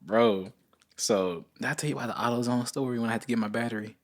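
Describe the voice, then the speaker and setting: A man co-hosting a casual podcast, telling a long story and acting out the people in it by jumping up into a higher voice. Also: quick pace. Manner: animated storyteller, acts out quotes in a higher voice. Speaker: podcast co-host.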